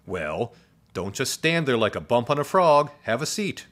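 A man voicing a friendly, cheerful woman teacher in a storybook read-aloud, with a bright sing-song voice. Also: medium pitch, sing-song, moderate pace, voice pushed up. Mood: sweet, cheery.

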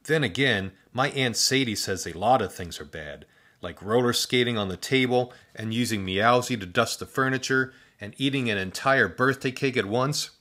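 A man voicing an excitable, chatty young boy who talks in high, eager bursts. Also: normal speed, natural voice. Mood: excited. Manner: high, eager, breathless outbursts.

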